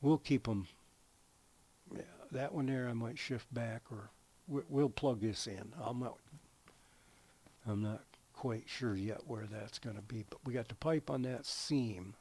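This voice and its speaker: A man talking through a building game in a loose, rambling way, full of restarts and little chuckles. His voice sits at an ordinary mid pitch, relaxed and conversational. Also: measured pace. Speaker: gaming video creator. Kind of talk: casual gameplay commentary.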